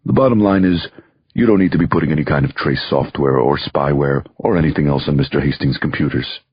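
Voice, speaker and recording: A man's voice: rumbling low, fairly quick, husky, no room sound, highs cut off. A man voicing a brash, streetwise middle-aged male lawyer with a Brooklyn accent in an audiobook. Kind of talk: audiobook character voice.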